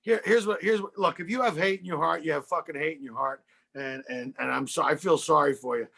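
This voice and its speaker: Gravelly, profane man ranting. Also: a little high, fast, pushed and bright. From Philadelphia. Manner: profane, rambling rants. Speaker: comedian guest. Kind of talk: podcast conversation.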